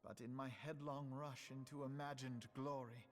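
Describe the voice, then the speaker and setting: An actor playing a remorseful young male scholar-statesman who speaks slowly and broodingly, as game cutscene dialogue with music beneath. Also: mid-range voice, fairly even intonation, lightly acted. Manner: slow, brooding, self-reproaching. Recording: game audio, distant, with music.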